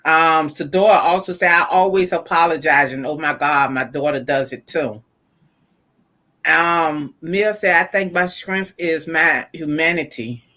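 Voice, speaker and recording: A woman's voice: low voice, unhurried, pushed and bright. A middle-aged woman hosting a casual podcast chat and reading out listener comments, emphatic and prone to repeating words as she thinks. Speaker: podcast host.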